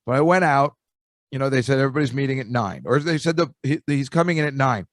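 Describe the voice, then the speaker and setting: A man's voice: mid-range voice, fast, no echo, clean studio sound. An older man telling a long, rambling, self-deprecating comic story as a podcast host, full of restarts.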